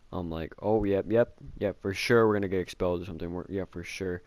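A man's voice: deep voice, brisk, hardly any pauses, no room sound. A young man telling a casual storytime about his childhood, rambling with lots of filler words and swearing, mocking himself. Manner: self-mocking. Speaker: vlogger.

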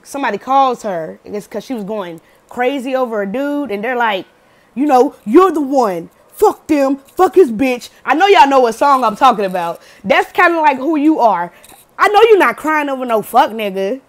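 A woman's voice: sits high, animated, moderate pace. A woman doing a casual pick-a-card tarot reading, slangy and profane, checking in with the viewer and laughing often. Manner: slangy, cusses freely, laughs often, acts out quotes loudly; says "okay?" often to the viewer.

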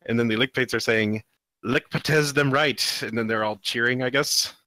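Man, mid-pitched, giggly, reading comic panels aloud, dry close sound. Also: flat delivery, brisk, pushed and bright, clean tone, no echo. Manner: giggly, reads out panel dialogue in silly voices. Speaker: podcast co-host. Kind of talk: comedic reading of a webcomic.

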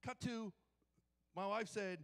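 A man delivers a sermon as pastor, spinning funny stories with animated energy. His voice sits a little higher than most men's. Long reverb from a church sanctuary trails each phrase. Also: takes it slowly. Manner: animated, joking storyteller.

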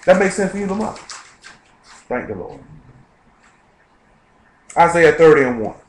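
A man leading an informal Bible study sermon, quoting scripture rapidly and checking in with his listeners. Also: a little high, very animated, slight background noise. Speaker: preacher. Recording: echoey live-streamed room.

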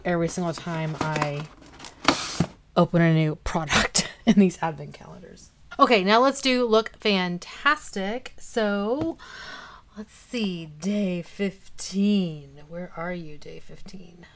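A woman's voice: fairly low pitch, slight background noise. A woman vlogging casually at home, chatting through a product unboxing and cooing at her cats in baby talk. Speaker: beauty vlogger.

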